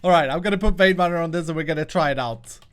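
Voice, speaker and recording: An upbeat man talks casually over his gameplay, laughing often as he goes. His voice sits a little higher than most men's. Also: racing, clean tone. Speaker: host.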